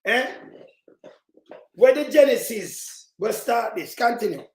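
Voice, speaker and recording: A man's voice: extremely high pitch, lively intonation, slow pace, darkish tone, reverberant, a little hiss or hum. A Jamaican man giving heated, mocking commentary in patois as he reacts to played clips. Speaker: political commentator.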